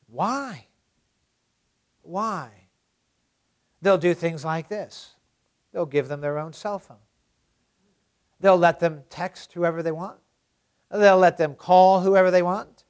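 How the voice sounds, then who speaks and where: A man with a notably high voice delivers a sermon. He leans hard on certain phrases and repeats them, then falls quiet for an aside before rising again. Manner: emphatic, swings from loud stresses to hushed asides; repeats key phrases for emphasis. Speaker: preacher.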